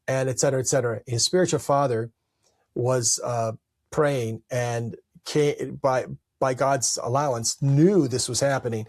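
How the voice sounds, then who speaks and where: A middle-aged man, an Orthodox priest, telling stories in a relaxed podcast conversation and acting out quoted lines. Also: normal speed, dry recording, studio quality. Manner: animated, acts out quoted speech with raised pitch. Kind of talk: storytelling in casual conversation.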